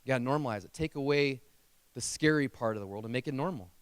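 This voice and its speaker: A man's voice: mid-range voice, fast, clear, resonant tone, no room sound. A man who teaches speech, giving a motivational keynote to parents and telling stories in an earnest, emotional and emphatic way.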